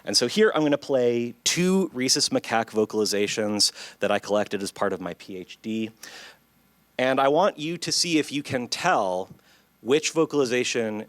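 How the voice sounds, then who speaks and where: A man who is a psychology professor, presenting his research at a conference in a clear, measured lecturing manner that engages the audience. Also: mid-range voice, fairly bright tone, dry recording. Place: lecture hall.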